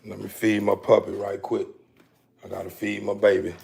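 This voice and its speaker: A man's voice: lowish voice, flat delivery, normal speed, creaky, a little mellow. A man hosting a livestream, ranting casually with profanity, stumbles and repeated words. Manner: repetitive, stumbling, profane, laughing. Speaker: livestream host.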